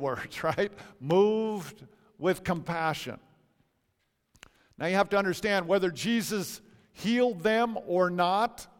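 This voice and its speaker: Pastor guy preaching, kinda high voice, chuckles a lot, big echoey church hall. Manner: jovial, chuckles often between phrases. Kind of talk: sermon. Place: church sanctuary. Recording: long reverb of a church hall.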